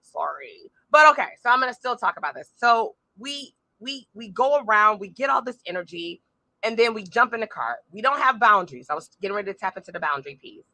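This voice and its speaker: A middle-aged woman hosting a live-streamed motivational talk from a small room at home, animated and speaking straight to her audience with frequent asides. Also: medium pitch, a little fast, dry recording. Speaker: podcast host. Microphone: phone or camera on a tripod.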